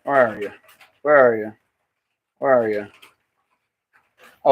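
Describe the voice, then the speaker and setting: A young man who chats casually as he works at the pottery wheel. He jokes, reads out comments and answers his viewers in a relaxed, easygoing way. His voice sits at an ordinary pitch for a man. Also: moderate pace, pauses often. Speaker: livestreaming potter. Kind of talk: casual livestream chat.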